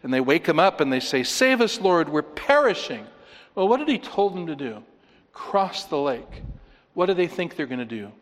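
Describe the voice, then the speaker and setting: A man preaching an expository sermon, animated, acting out the voices of the people he talks about. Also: on the high side, fairly quick, in a large hall. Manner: animated, acts out voices of the disciples. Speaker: pastor.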